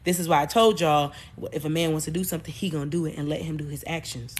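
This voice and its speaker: A woman hosting a podcast, retelling a movie plot in a loose, animated way, with cursing and frequent self-corrections. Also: low-pitched, quick pace, slight background noise. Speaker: podcast host.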